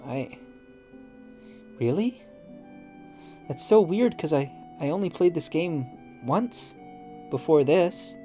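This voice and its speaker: A man voicing a shy, surprised young female student from a visual novel, speaking in soft, hesitant questions. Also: fairly high pitch, lively intonation, takes it slowly, long pauses, soft background music, pitched above the performer's own voice.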